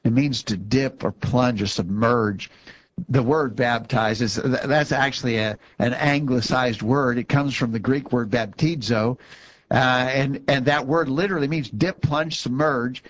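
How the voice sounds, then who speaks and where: A man's voice: mid-range voice, unhurried, muffled recording, a little hiss or hum. A man co-hosting a Bible discussion show, explaining Scripture in an emphatic, conversational way and repeating himself when he insists.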